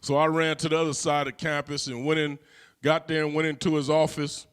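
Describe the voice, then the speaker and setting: Man, middle-aged, from california, somewhat high voice, relaxed storytelling, lots of "you know". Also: a little fast, clear, resonant tone. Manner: conversational, frequent "you know" fillers. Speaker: guest. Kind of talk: personal storytelling.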